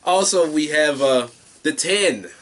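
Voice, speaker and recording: A man with a fairly high voice co-hosts a casual podcast. He talks bluntly and gets excited, with plenty of swearing. He is relaxed and chatty. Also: takes it slowly. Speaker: podcast co-host. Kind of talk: casual chat.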